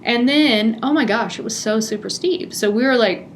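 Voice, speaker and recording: A middle-aged woman hosting a podcast, telling a personal story in an animated, chatty way with frequent laughter. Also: a little high, moderate pace, a little hiss or hum. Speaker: podcast host.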